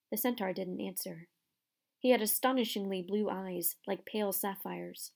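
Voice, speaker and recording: Woman audiobook narrator, mid pitch, gravelly, steady storytelling. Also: moderate pace.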